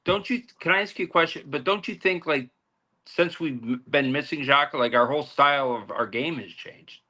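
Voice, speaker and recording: Man, higher voice, bright tone, podcast debate, interrupts with pointed questions. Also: brisk. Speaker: podcast panelist. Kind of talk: casual football debate.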